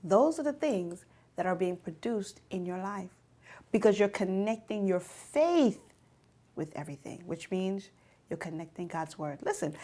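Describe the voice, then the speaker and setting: A woman teaching a youth church lesson, speaking directly to teens and repeating her key points for emphasis. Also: medium pitch.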